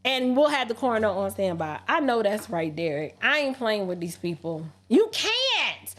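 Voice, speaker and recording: An animated woman hosts a livestream and chats straight to her viewers. Her voice sits high, and she shoots quick, sassy asides back at their messages. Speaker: livestream host. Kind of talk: casual livestream chat reading super chats.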